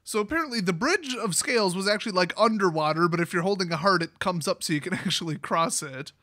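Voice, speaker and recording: The host of a card game channel, a man with a high voice, sarcastically mocks his way through a fantasy tale recap and often bursts out laughing. He talks fast in a pushed, bright tone, and the sound is close and dry with no room around it.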